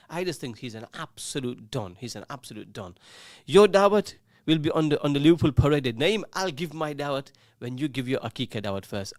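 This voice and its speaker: A man's voice: medium pitch, no room sound. A man hosting a community radio call-in show, teasing listeners and reading out their messages in a casual, jokey way. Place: radio studio.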